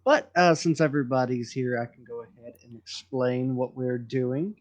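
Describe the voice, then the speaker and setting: A man's voice: medium pitch, moderate pace. A man hosting a casual group voice chat, rambling and joking with many fillers and restarts as he leads a drawing session. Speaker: stream host leading a drawing session.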